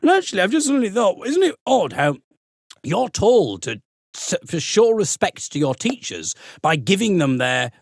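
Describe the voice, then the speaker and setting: A man from Middlesbrough, a comedian telling a funny story as a podcast guest, animated and self-mocking. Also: sits high, moderate pace, creaky, no room sound, clean studio sound. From Middlesbrough, England. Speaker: comedian and folk singer, guest.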